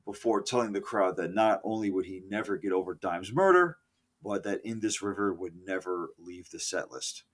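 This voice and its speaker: A middle-aged man recalling a concert in a casual, profane and opinionated rant, full of asides, self-corrections and loud outbursts. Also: lowish voice, moderate pace. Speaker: concert reviewer. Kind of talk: casual spoken concert recollection.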